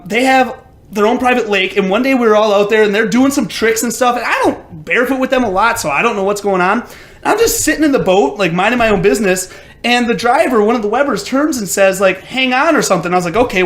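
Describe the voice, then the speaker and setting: A man co-hosting a podcast, telling stories in an animated, casual and profane way. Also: high-pitched, roomy sound. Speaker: podcast co-host. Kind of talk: casual chat.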